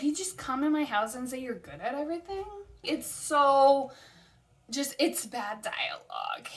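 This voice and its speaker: A young woman giving a comedic review of a children's book, dry and exasperated. Her voice sits a little high, and she takes her time. She talks in sarcastic asides. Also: fairly bright tone, recorded from a distance. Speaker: host reviewing a picture book.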